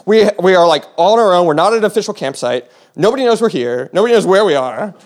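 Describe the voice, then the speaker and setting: A man's voice: sits high, lively intonation, quick pace. A young man telling a personal story on stage, rambling with many fillers and restarts and laughing as he goes.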